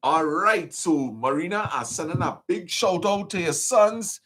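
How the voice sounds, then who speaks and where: A man co-hosting a live stream, chatting casually and giving shout-outs. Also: high-pitched, a little slow, slight background noise. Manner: lively, sings along, gives shout-outs.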